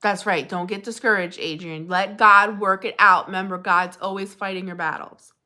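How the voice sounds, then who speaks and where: A woman's voice: mid-range voice, steady tone, normal speed, sharp tone. A woman hosting a casual live stream, chatting and gushing as she answers viewers by name. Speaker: livestream host.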